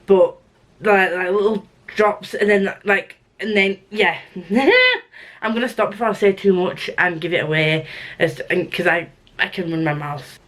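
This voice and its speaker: A woman's voice: medium pitch, animated, measured pace, a bit bright. A young woman with a Yorkshire accent, chatting casually to camera as a book vlogger, rambling with restarts. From Yorkshire, England.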